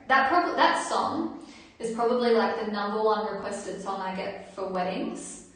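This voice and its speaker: A woman's voice: mid-range voice, unhurried, fairly bright tone. Chatty woman in a very echoey room. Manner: chatty, reads out viewer requests, self-deprecating. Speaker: musician hosting a live stream. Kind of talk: casual chat with viewers between songs. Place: at home during lockdown. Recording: very echoey room, voice heard from a distance.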